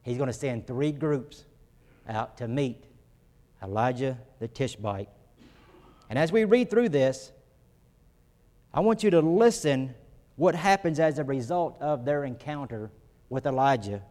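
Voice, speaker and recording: A man's voice: medium pitch, unhurried, long pauses, a little mellow. A man preaching a sermon, earnest, with his voice lifting for emphasis. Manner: earnest preaching, rises when acting out quotes. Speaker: pastor. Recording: long reverb of a hall.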